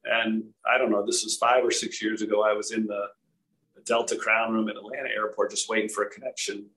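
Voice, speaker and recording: A man with a slightly low voice tells golf stories in an easy, rambling way. He is from Rhode Island and once played on tour. He talks like a guest in a casual chat. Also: brisk, low-quality recording. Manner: relaxed anecdotal, frequent restarts. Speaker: former tour golfer, guest.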